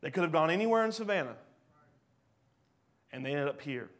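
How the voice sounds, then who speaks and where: Guy preaching, voice kinda high, goes big then drops way quiet. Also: expressive, a little fast. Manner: preaching in bursts, rising loud then dropping low. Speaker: pastor. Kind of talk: sermon. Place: church hall.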